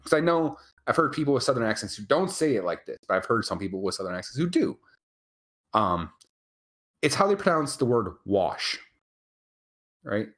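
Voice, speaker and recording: Big pitch swings and a fairly bright, mid-range voice mark this co-host with a Wisconsin accent. Chatty on a casual live show, he laughs a lot and leans on "um" and "right?" to fill the gaps.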